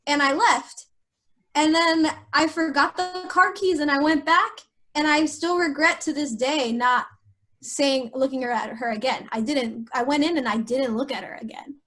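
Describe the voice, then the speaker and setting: A young woman on a podcast, telling a painful personal story in an emotional, halting way with many fillers. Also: high voice, a bit bright, faint music behind. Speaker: podcast host.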